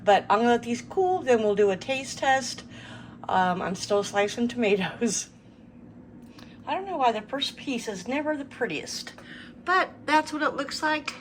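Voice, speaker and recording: A woman with a slightly high voice talks through a home cooking vlog. She is middle-aged and chatty, and she explains each step as she works. She sounds relaxed and informal. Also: a little slow, slight background noise, rough recording. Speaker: home cooking and garden vlogger.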